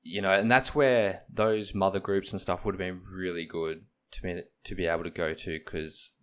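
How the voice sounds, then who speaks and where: A man's voice: sits low, fairly even intonation, moderate pace, clean tone. A young man, co-hosting a casual podcast and retelling stories with acted-out quotes. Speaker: podcast co-host. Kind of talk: casual chat, storytelling.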